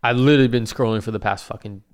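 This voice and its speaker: A man's voice: medium pitch, steady tone, very fast. A young man telling a story in a rambling, profane and slangy way. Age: young adult. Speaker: vlogger. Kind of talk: casual storytelling.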